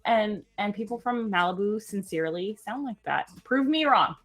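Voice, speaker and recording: A young woman from California in casual chat, animated and laughing as she tells stories. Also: medium pitch, moderate pace. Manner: chatty and animated, laughs while telling stories. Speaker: stream guest.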